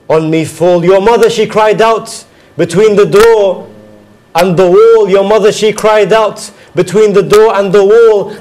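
Higher-voiced man reciting a grieving elegy. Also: darkish tone, poor audio. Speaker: poet reciting his elegy. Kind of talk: mournful elegy poetry recitation.

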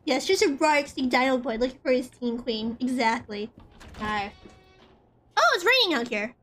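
A woman's voice: sits high, very animated, moderate pace, a bit bright, faint music behind. A woman streaming a horror game, rambling nervously, swearing often and filling her talk with "like". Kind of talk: casual gameplay commentary.

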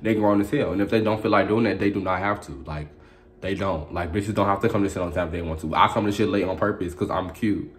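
A young man runs through his opinions at a rapid clip, in a fairly low voice. He is brash and sassy, and he swears freely in a casual vlog-style review. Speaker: reality show reviewer.

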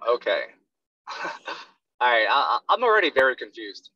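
A man's voice: mid-range voice, very animated, normal speed, bright, forceful tone, no room sound. A man coaching a salesperson over an online call, blunt, profane and intense, with dull, dry call audio. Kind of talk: blunt coaching role-play session.

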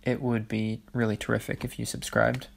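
A man reading a children's novel aloud in a plain, unhurried narrating voice. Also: medium pitch, completely flat delivery, gravelly, slight background noise. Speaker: audiobook reader.

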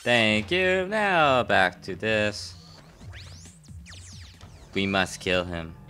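A man giving let's play commentary, slow and drawn out, his voice leaping up and down as he jokes at the screen. His tone is bright and forceful, and he is sick with a cough. Soft game music plays behind him. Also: fairly low pitch, very animated. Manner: playful, joking, exclaiming at the game. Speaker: video game player.

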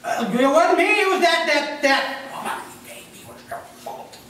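A man's voice: very high-pitched, normal speed, sharp tone, pitched above the performer's own voice. A man voicing a defensive husband who stammers and shifts the blame onto his wife. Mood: whiny. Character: whiny grown man blaming his wife. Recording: echoey church hall from a distance.

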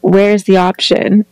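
A woman's voice: mid-range voice, a little mellow, no room sound. A young woman giving casual, chatty commentary on a life-simulation game, exclaiming often and voicing what the characters think. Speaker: gameplay vlogger.

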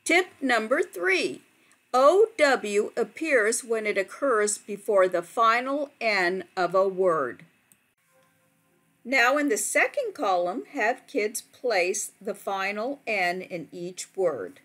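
A woman narrating a phonics lesson for teachers, speaking slowly and carefully as she walks through each word. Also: mid-range voice, lively intonation, fairly bright tone. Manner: slow, careful, deliberate word-by-word delivery.

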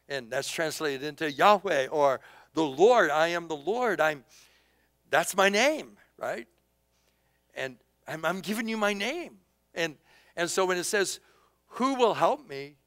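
A man preaching a sermon as pastor, impassioned and conversational, swinging between loud outbursts and hushed asides. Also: high voice, lively intonation, a little slow, smooth, no echo. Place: church sanctuary.

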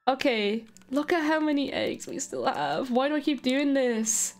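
A woman streaming a video game live, gushing and excitable as she chats with her viewers. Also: sits high, a little slow. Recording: faint background music.

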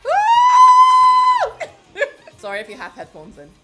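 A woman reaction vlogger in casual, playful commentary, excitable and quick to laugh and whoop. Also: mid-range voice, soft background music. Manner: chatty and playful.

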